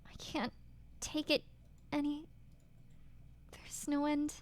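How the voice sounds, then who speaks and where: A woman's voice: high voice, monotone, takes it slowly, voice pushed up. A woman voicing a distraught young woman who stammers and pleads, reading game dialogue aloud. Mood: despairing. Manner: trembling, stammering, breaking into whispers.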